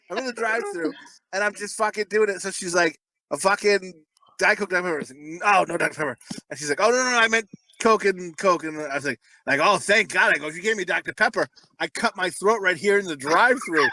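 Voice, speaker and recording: This is a man co-hosting a casual podcast, and he rambles through crude stories full of fillers. His voice sits high and bright. It swings widely in pitch. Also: rough recording. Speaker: podcast co-host.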